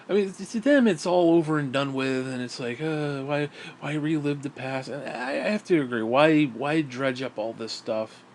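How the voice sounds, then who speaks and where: A man's voice: medium pitch, slight background noise. A middle-aged man in a casual monologue, ranting in a bitter, profane, rambling way. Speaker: vlogger.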